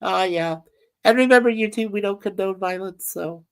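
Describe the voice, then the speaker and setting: A woman's voice: mid-range voice, moderate pace, smooth. A woman hosting a casual livestream chat, rambling and reading viewer comments aloud. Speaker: livestream host.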